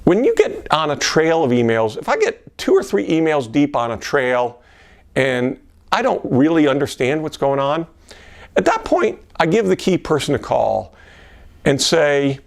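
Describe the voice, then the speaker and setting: A man with a gravelly, fairly high voice gives an instructional talk to camera. His pitch moves a lot, rising and falling as he acts out sample questions in a gentler tone. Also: wildly swooping pitch, unhurried. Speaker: systems engineering presenter.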